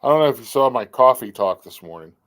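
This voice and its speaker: A man's voice: mid-range voice, lively intonation, fast, a bit bright. A middle-aged man hosting a casual livestream, greeting viewers by name and giving blunt opinions. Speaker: livestream host. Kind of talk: casual chat.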